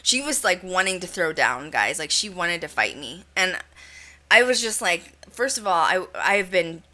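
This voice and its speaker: A woman's voice: on the low side, measured pace. A young adult woman hosting a podcast, telling a story in casual chat full of fillers and laughter. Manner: chatty, animated storytelling with frequent fillers and laughs. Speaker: podcast host.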